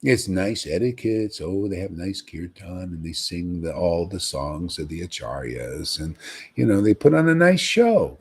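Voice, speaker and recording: A man preaching on a livestream in an emphatic, animated way, often tossing in "man.". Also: low voice, measured pace, husky. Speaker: spiritual teacher.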